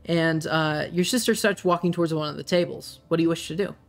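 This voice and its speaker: A game master describing the scene in a hesitant, meandering way, with frequent pauses, over soft music. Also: mid-range voice, fairly even intonation. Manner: hesitant, many fillers. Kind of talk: narrating a tabletop game.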